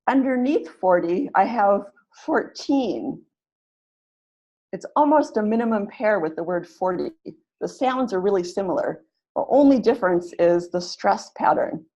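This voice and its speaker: A woman runs an online webinar for language teachers, speaking through a computer mic. She sounds clear and encouraging, and she stretches and punches the stressed syllables of the words she models. Her voice sits at an ordinary middle pitch. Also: a little mellow. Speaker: webinar facilitator.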